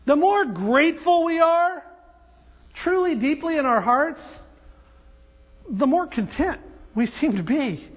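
A man pastor preaching a sermon in a church, an animated, joking storyteller who restarts his sentences. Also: extremely high pitch, takes it slowly, long pauses. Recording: dull audio with long hall reverb.

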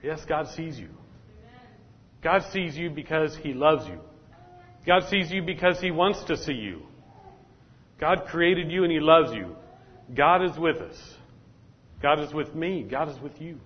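A man's voice: fairly high pitch, expressive, unhurried, long pauses, slightly rough. Man preaching in an echoey hall. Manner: repetitive, call-and-response preaching. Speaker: pastor. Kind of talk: sermon. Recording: dull, echoey hall sound.

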